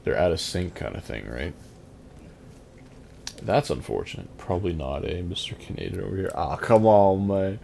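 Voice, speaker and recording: A man's voice: deep voice, lively intonation, moderate pace, vocal fry, warm tone, a little hiss or hum. A man streaming a game, chatting casually and rambling as he reads and answers his chat.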